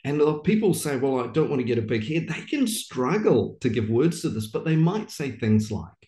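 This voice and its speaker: A man's voice: mid-range voice, very animated, brisk, warm tone, echoey room. A man, a guest in an interview, explaining a coaching technique and acting out his dialogues with clients, often repeating words as he thinks.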